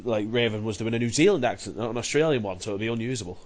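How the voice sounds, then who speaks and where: A man's voice: fairly low pitch, very fast. Joking man in podcast banter. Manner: joking, dry, offhand. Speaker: podcast co-host. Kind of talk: casual chat.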